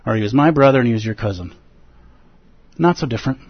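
Man, Buddhist dharma talk, earnest, expressive, dry close sound, dull lo-fi recording. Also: medium pitch, slightly rough, no room sound. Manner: earnest, expressive, acts out feelings with gasps and pauses. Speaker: Buddhist teacher.

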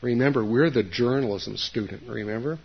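An older man gives a Zen dharma talk to a group, his gravelly, husky voice coming through a dull lo-fi recording. He speaks haltingly, with lots of fillers and restarts, and keeps checking in with his listeners in a folksy way. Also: medium pitch. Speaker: Zen meditation teacher.

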